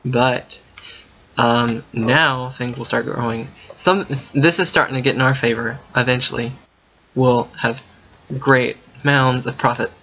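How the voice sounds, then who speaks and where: A man commenting while playing a game, thinking out loud and breaking into excited yelps and gasps. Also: mid-range voice, slight background noise. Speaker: gaming video creator. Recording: muffled lo-fi mic with faint keyboard typing.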